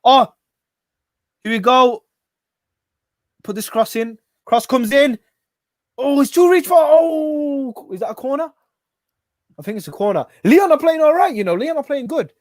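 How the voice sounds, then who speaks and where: Excitable man, high voice. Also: measured pace, long pauses, dry recording, clean studio sound. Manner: excitable, bursts into shouts at chances. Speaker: watch-along host. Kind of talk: live football watch-along commentary.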